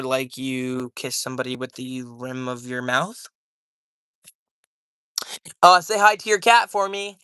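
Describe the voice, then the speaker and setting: A man's voice: medium pitch, pushed and bright, dry recording, clean studio sound. A young man casually chatting with his livestream viewers at home, loose and rambling, peppering his talk with dude and bro. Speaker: livestreamer reading chat.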